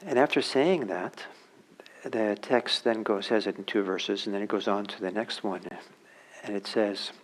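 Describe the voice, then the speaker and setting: In a meditation center hall, a male meditation teacher gives a dharma talk in a lowish voice, reflective and halting, full of fillers and restarts. He softens to a near-whisper on key words, and the audio quality is poor.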